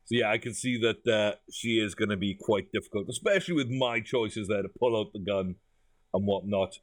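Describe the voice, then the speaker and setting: A man's voice: fairly low pitch, lively intonation, brisk, background noise. Chatty man giving casual game commentary. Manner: chatty, amused, thinks out loud with frequent laughs. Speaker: gaming YouTuber.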